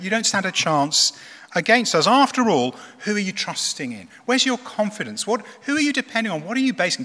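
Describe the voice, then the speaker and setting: A boastful old-world field commander taunts his enemies, his voice raised and swinging in pitch, as a preacher acts him out. The delivery is bright and cutting. It rings through a reverberant church hall. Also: full character voice. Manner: taunting, mocking, loud.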